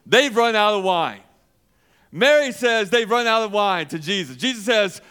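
High-voiced emphatic male preacher. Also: lively intonation, normal speed, bright, forceful tone, clear, resonant tone. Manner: asks questions and answers them himself, emphatic repetition. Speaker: pastor. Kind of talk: sermon.

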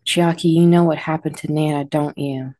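A woman's voice: deep voice, fairly even intonation, moderate pace, dark tone, no room sound, studio quality, close to an everyday voice. A woman reading the part of a frantic, grieving mother who screams accusations at her daughter. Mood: furious. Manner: pleading then screaming accusations.

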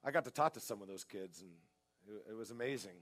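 A middle-aged man, a guest pastor, preaching a sermon in a church with animated, humorous storytelling. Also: on the low side, quick pace, faint music behind. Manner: animated storytelling with humor, rising to loud emphasis. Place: church sanctuary.

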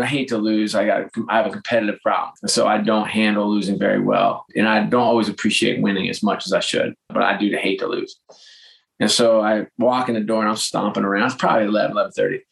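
A middle-aged man, a podcast guest, telling candid, animated stories in conversation. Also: lowish voice, gravelly. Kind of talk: storytelling in conversation.

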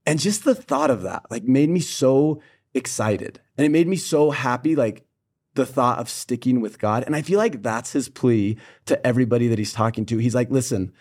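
A young man from Pennsylvania, co-hosting a casual faith podcast and telling a childhood story with lively storytelling. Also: mid-range voice. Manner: storytelling, animated. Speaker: podcast co-host.

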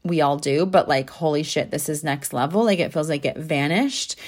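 A woman's voice: sits low, moderate pace, a little mellow. A young adult woman hosting her own podcast, talking earnestly and from the heart, with lots of "like" fillers. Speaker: podcast host and spiritual coach. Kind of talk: casual podcast monologue.

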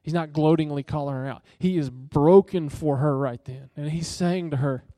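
A man's voice: a little high, moderate pace, mellow, no room sound, studio quality. A young man preaching a sermon in an earnest, conversational way, asking listeners direct questions.

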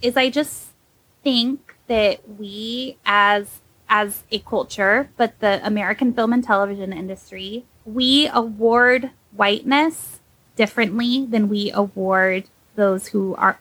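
A young adult woman on a podcast, giving animated, sarcastic commentary with sudden leaps in pitch when she mocks something. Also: measured pace, low-quality recording. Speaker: podcast co-host.

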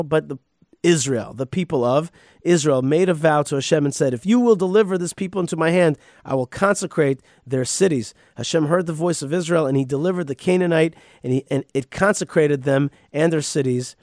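A rabbi and podcast host gives a casual Torah lesson in a somewhat high, darkish voice, talking fairly quickly. He reads verses aloud, then riffs freely, restarting sentences and breaking into sudden emphatic outbursts. The sound is close and dry, with no room echo.

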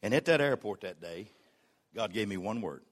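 An older man preaching a sermon as a pastor. He is folksy and humorous, and he swings from shouted exhortation to quiet storytelling. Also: lowish voice, animated, moderate pace.

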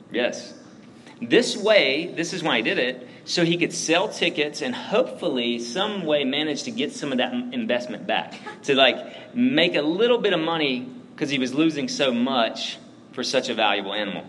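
A man preaching a sermon, praying and then telling a story in a relaxed, chatty way, full of "like" and "right?". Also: mid-range voice, a little hiss or hum, low-quality recording. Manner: conversational, lots of fillers like "like" and "right?". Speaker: pastor.

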